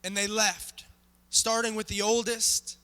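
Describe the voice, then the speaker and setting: A man's voice: high voice, level tone, a little slow, sharp tone. A man preaching as a guest speaker, telling a story dramatically and acting it out with volunteers. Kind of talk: sermon storytelling. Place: church sanctuary. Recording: reverberant church hall.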